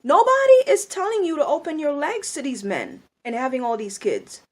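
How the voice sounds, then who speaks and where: A woman's voice: sits high, sing-song, moderate pace. A woman speaking in a blunt, scolding monologue, angry and firing off rhetorical questions. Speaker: video commentator.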